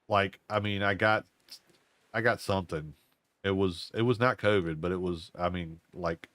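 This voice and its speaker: Playing a game at home, an older gaming channel host wanders through a folksy story, circling back to repeat himself. The pitch is fairly low and the tone fairly bright, captured in studio quality with no room sound.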